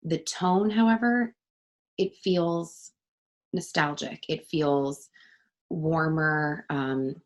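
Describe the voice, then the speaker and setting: A young woman talks in a relaxed, chatty way, full of fillers and quick asides. Her voice sits low for a woman. She is recorded on a home studio mic. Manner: chatty, upbeat, many fillers. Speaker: voice actor guest. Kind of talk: casual interview chat.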